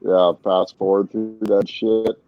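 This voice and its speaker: A man's voice: on the low side, level tone, takes it slowly, no echo, lo-fi sound, soft background music. A man rambling casually and cursing a lot while chatting on an online stream. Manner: rambling, profane, laid-back. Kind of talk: casual chat.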